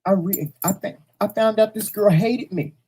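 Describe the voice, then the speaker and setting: A man speaking to his audience in a mellow, husky voice. He tells a personal story bluntly, with cursing, and hammers his points home by repeating phrases. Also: sits high, normal speed, rough recording. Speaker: host. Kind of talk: casual storytelling monologue to viewers.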